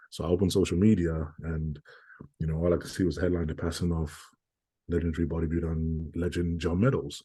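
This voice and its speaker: A young man talks in an interview with a deep, husky voice. His tone is dark and mellow, and he tells his story earnestly. He keeps repeating phrases and acts out other people's words as he goes. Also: fairly even intonation, quick pace. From United Kingdom. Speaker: guest, professional bodybuilder.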